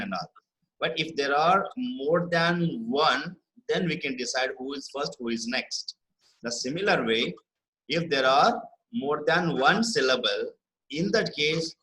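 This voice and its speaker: A man teaching a spelling lesson online, explaining rules patiently and often checking in with "right?" and repeating key words slowly. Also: medium pitch, pushed and bright, low-quality recording. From India.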